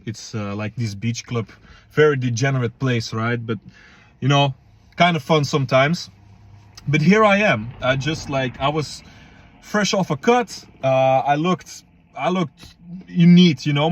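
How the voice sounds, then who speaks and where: A man's voice: mid-range voice, dry recording. Slangy young man giving casual advice. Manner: slangy, loose, addresses viewers as guys and bro. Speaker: fitness vlogger.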